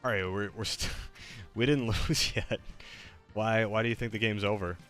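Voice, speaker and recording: Deep-voiced laid-back male streamer. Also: normal speed, soft background music. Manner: relaxed, hesitant, full of fillers. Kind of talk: casual live-stream chat.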